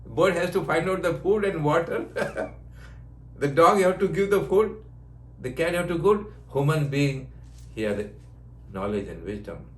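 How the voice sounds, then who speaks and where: A man's voice: a little high, expressive, moderate pace, reverberant. An older man, a yoga teacher, giving a spiritual talk in short, repeated phrases of broken English, often laughing. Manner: non-native English with broken grammar. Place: ashram.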